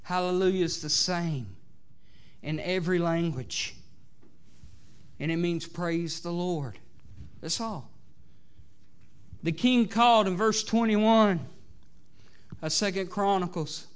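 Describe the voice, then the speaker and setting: A man with a Southern American accent preaching a sermon to a church, swinging between loud exhortation and quiet asides, often saying amen. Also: sits high, takes it slowly, long pauses, clean tone. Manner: preachy, rising and falling between loud exhortation and soft asides, many "amens". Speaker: pastor. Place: church sanctuary.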